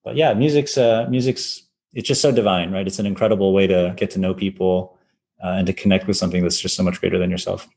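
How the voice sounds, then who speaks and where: A man in his forties, a violinist guest telling anecdotes in a loose, animated way, with lots of "like" and acted-out quotes. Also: deep voice, fast talker, vocal fry. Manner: animated, acts out quoted voices, many fillers. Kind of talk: casual anecdotal storytelling.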